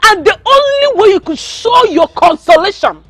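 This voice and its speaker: A woman's voice: very high voice, lively intonation, moderate pace, no room sound, faint music behind. An actress with a Nigerian accent playing an angry young woman who scolds a friend for taking money. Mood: indignant. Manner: scolding, shouting. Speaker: actor.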